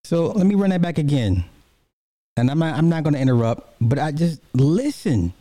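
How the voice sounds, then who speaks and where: A man's voice: on the high side, big pitch swings, moderate pace, dark tone, no echo. A man giving a heated, profane reaction commentary in blunt everyday speech.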